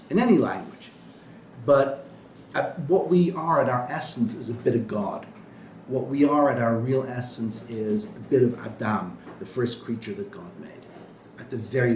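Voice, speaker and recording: A man's voice: fairly low pitch, darkish tone, echoey room, a little hiss or hum. A man, a rabbi, giving an informal classroom lecture in a conversational way, often checking in with "right?". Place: classroom with students.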